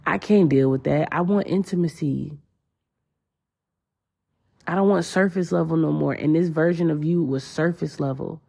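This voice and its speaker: Low, gravelly-voiced woman podcaster. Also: moderate pace, pauses often, warm tone. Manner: casual, emotional, slangy and repetitive. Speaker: podcast host. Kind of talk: spiritual podcast monologue.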